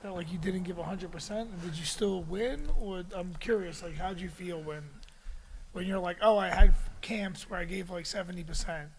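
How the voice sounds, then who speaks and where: Man, podcast host, high voice, curious, interjecting, faint background noise. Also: vocal fry, rough recording. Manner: quick interjections, curious questions. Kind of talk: casual podcast chat.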